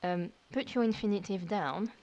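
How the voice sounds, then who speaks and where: A woman's voice: medium pitch, moderate pace, darkish tone, muffled recording. A woman teacher, patiently explaining verb tenses step by step in a recorded lesson. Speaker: French teacher.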